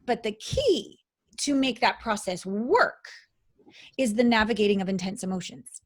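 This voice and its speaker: A woman's voice: mid-range voice, expressive, measured pace. A middle-aged woman talking as a guest coach in a casual interview, emphatic and dramatic.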